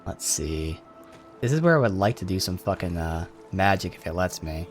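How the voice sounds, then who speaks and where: A man's voice: deep voice, big pitch swings, brisk, soft background music. A man with a Philadelphia accent giving chatty, offhand let's-play commentary at his desk mic, swearing casually. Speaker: gameplay commentator.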